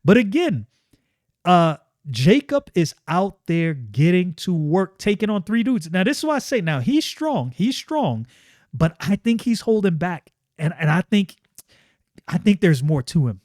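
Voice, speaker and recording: Enthusiastic comic reviewer, a man with a fairly high voice, chatty and repetitive, dry close sound. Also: sing-song, unhurried, darkish tone, no echo. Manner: enthusiastic, conversational, with repeated phrases. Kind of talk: casual video commentary.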